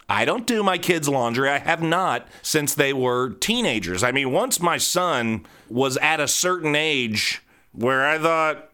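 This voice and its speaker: A middle-aged man hosting a casual monologue, blunt and profane, telling animated stories. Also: fairly high pitch, moderate pace.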